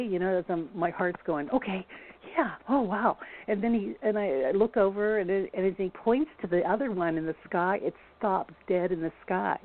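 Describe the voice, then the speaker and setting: A woman local historian telling a story in a rambling, casual way, full of restarts. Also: medium pitch. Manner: rambling, many restarts and fillers. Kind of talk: casual storytelling on a phone-in show. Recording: tinny phone line.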